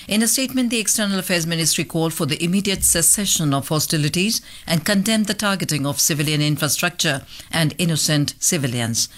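A woman reading international news bulletins in a measured, formal way as a radio newsreader. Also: deep voice, fairly bright tone.

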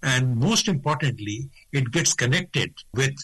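A man, a trade expert answering questions in a radio interview in a measured, explanatory way. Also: medium pitch, expressive, fairly bright tone, slightly rough, rough recording. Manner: measured, explanatory, lists facts and figures.

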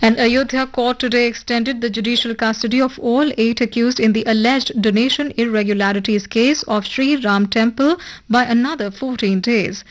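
A woman reading a formal radio news bulletin in a measured, even broadcast delivery. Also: a little high, low-quality recording. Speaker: newsreader. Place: radio studio.

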